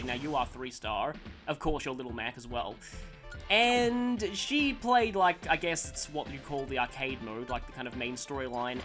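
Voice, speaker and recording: A man chats over his gameplay in a loose, rambling way, poking fun at himself and breaking off mid-story to react to the game. His pitch moves around a lot. Clear game music plays under his voice. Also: a bit bright. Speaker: gaming channel host. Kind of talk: let's play commentary with storytelling.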